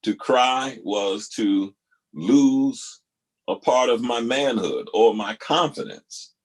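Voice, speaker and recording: A man hosting a talk, pausing video clips to reflect earnestly, repeating key phrases for emphasis. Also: mid-range voice, animated, slightly rough. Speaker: host reacting to video clips. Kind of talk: reflective spoken commentary.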